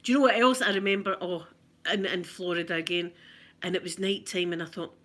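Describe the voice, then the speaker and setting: A middle-aged Scottish woman tells rambling, giggly anecdotes in a casual ASMR chat. Her voice is bright and forward, with a lively, chatty delivery. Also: fairly low pitch, brisk. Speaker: ASMR vlogger.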